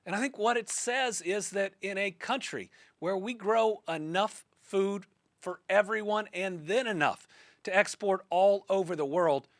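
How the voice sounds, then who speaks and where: A man's voice: sits high, fairly bright tone, dry recording, studio quality. A man with a Kentucky accent hosting a podcast, asking a guest questions and then speaking earnestly and with rising passion on an issue. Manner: fired-up, earnest political speaking. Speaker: podcast host. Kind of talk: interview then spoken commentary.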